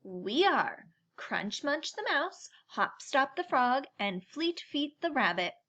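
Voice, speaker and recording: A woman voicing a group of small, timid woodland animals answering in a slow sing-song in a storybook reading. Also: sits high, very animated, sharp tone, exaggerated voice.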